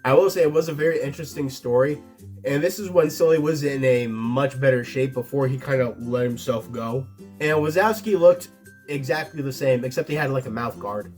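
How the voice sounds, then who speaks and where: A man's voice: mid-range voice, a little fast, darkish tone, faint music behind. A young man hosting a tier list video, chatting casually and sarcastically with crude jokes. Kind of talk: casual commentary ranking movies.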